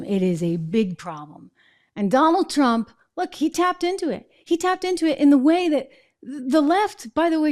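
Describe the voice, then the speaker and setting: A woman's voice: a little high, darkish tone. A woman from New Hampshire hosting a political commentary show, indignant and full of rhetorical questions. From New Hampshire, USA.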